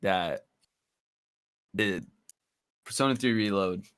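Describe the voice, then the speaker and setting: A man's voice: sits low, slow, smooth, dry recording. Laid-back podcast guy, dry sound. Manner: relaxed, laid-back, laughs easily. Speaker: podcast co-host. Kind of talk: casual chat.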